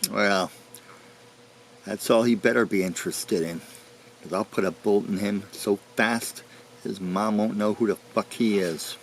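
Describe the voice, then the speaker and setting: An actor playing a foul-mouthed, short-tempered recluse who talks in a threatening way. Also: male voice, on the low side, fairly even intonation, measured pace, a little hiss or hum. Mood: menacing. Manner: threatening, profane, growling. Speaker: interview subject in a mockumentary.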